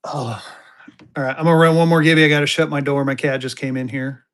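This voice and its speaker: A man's voice: fairly high pitch, steady tone, quick pace, a bit bright, clear, resonant tone. A man hosting a casual live-stream auction from a room at home, rambling and joking as he sells and repeats himself.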